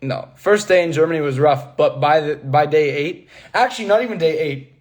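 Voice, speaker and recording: A man's voice: a little high, moderate pace. A young man in casual livestream chat, reading fan comments aloud, laughing often and hopping between languages as he answers. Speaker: actor answering fans.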